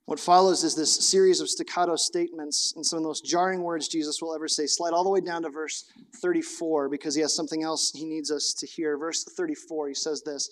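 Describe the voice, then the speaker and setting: A man's voice: fairly high pitch, level tone, brisk, few pauses. A middle-aged male pastor preaching a sermon, reading scripture aloud and asking rhetorical questions.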